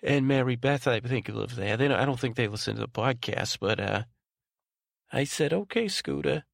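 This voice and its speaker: A man doing Ray, a gravelly rambling softie. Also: mid-range voice, animated, normal speed, dry recording, studio quality. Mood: tender. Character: rambling, tenderhearted adult man named Ray. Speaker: podcast host in character. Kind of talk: rambling bedtime monologue.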